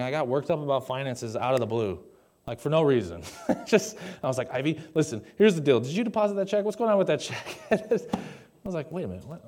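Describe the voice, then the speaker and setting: This young man, a pastor, talks through his sermon conversationally to a live congregation over a stage mic, adding jokes and audience questions along the way. The voice is warm and in the middle range.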